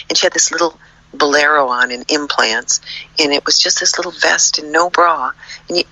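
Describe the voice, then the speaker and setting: A woman's voice: sits low, gravelly, bright, forceful tone, low-quality recording. An older woman and grandmother chatting casually, telling frank stories with an indignant edge. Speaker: podcast co-host. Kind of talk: casual chat.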